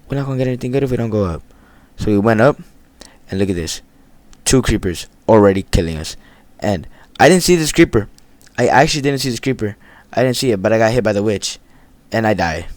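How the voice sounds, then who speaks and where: A young man narrates his gameplay in a casual voiceover, excitable and full of slang. His voice sits a little low. He repeats lines for emphasis, and the close mic gives a dry sound with no room echo. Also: moderate pace, pauses often. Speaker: gaming channel host.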